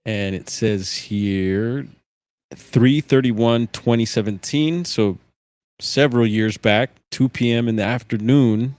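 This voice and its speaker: A man hosting a casual livestream, reading reports aloud with relaxed, musing asides. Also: medium pitch, slow pace, no echo. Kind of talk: casual live commentary.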